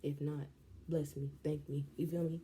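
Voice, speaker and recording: A young woman, telling a story in a casual vlog, animated and slangy. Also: deep voice, moderate pace, slight background noise. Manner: animated, slangy, jumps into quoted voices. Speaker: vlogger.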